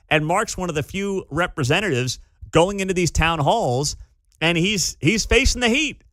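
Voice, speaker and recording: Opinionated morning radio host, animated delivery, close dry booth sound. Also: male voice, on the high side, no echo. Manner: animated, opinionated, quick laughs. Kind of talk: morning talk radio commentary. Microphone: studio microphone.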